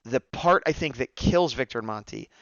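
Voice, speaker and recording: A man hosting a casual review chat, recapping scenes in an animated way and acting out the characters' lines. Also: mid-range voice, moderate pace, dry recording, dull audio. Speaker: podcast host reviewing episodes.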